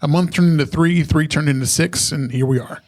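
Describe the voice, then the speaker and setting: A man's voice: fairly high pitch, a little fast, a little mellow. A man co-hosting a casual podcast, talking in a chatty, stumbling way with lots of restarts. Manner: chatty, stumbling, reads live chat aloud. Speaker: podcast co-host.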